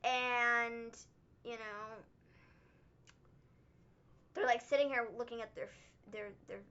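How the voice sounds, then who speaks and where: A woman co-hosting a livestream recap, talking in an animated, excitable way and laughing often. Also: on the high side, slow pace, smooth, muffled recording. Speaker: wrestling show co-host. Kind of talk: casual livestream recap chat.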